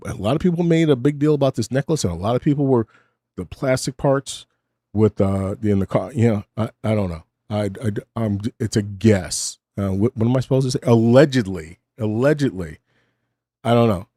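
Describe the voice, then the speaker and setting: A man's voice: on the low side, mellow, dry recording. A middle-aged man hosting a late-night stream from his home studio, rambling casually, cutting himself off with wry asides, sounding short on sleep. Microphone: studio mic with cough button.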